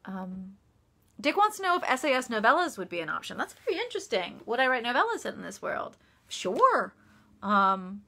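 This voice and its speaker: Woman author, casual live-stream Q&A, bright tone, bubbly with lots of laughs and ums. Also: mid-range voice. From United States. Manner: chatty, laughs often, many ums and restarts. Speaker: author answering live chat questions. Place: office.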